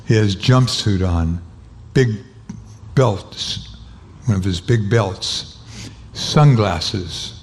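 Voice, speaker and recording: An older man, an interview guest, telling a personal story and acting out the dialogue with sudden jumps in pitch. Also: extremely slow, long pauses, slight background noise. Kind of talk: storytelling anecdote.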